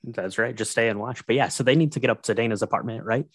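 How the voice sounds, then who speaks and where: A man casually recapping a movie on a podcast, relaxed and wry, with fillers. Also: medium pitch, fast, slightly rough, no room sound, clean studio sound.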